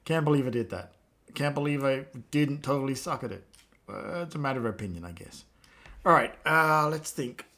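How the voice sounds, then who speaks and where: A man's voice: medium pitch, fairly quick, pushed and bright. A man, chatting casually with live chat viewers while he works, joking around and laughing often. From England. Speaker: live streamer.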